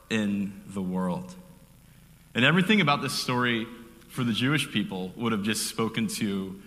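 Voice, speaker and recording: A man's voice: medium pitch, bright, forceful tone. A man preaching a casual, conversational sermon, telling the story with lots of fillers and restarts. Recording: hall with long reverb.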